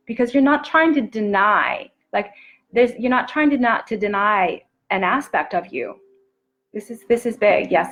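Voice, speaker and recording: A woman coach speaking live to her viewers in an earnest, intimate and encouraging way, sometimes dropping to a soft near-whisper. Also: medium pitch, poor audio. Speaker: self-love coach. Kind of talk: live-streamed motivational talk.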